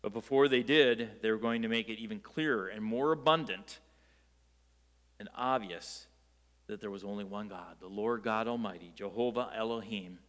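A man preaching a sermon, telling the story in a lively way with rhetorical questions and light jokes. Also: lowish voice, moderate pace, long reverb tail. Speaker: pastor.

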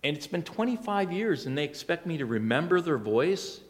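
A man preaching a sermon in a fairly high, conversational voice. He talks like he is telling a story, then leans hard into his main points. The sound carries the long reverb of a large church hall. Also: sing-song, normal speed. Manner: conversational storytelling, rising to emphatic. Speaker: pastor.

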